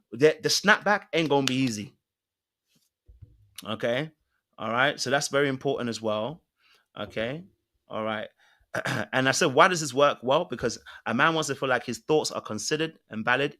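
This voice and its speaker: A man talks through relationship advice as a coach. His delivery is emphatic and repetitive, circling back to make sure his listeners are with him, with a voice at an ordinary middle pitch for a man. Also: pushed and bright. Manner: emphatic, repeats "you know what I'm saying to you". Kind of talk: coaching talk to a panel.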